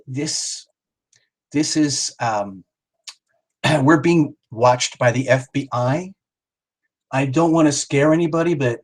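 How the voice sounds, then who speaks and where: A middle-aged man hosting a live tarot stream, rambling and joking as he calls out viewers by name. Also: medium pitch. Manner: jokey, rambling, talks straight to viewers by name.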